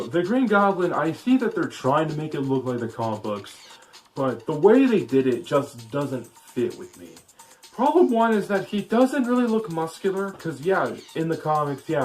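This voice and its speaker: A man's voice: on the high side, a little mellow. A man giving a casual, opinionated critique of a cartoon, rambling with frequent restarts. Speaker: video commentator.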